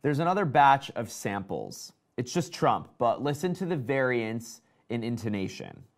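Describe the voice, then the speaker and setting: A man hosting a casual live tech show, talking excitedly and reading out viewer comments. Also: mid-range voice, moderate pace.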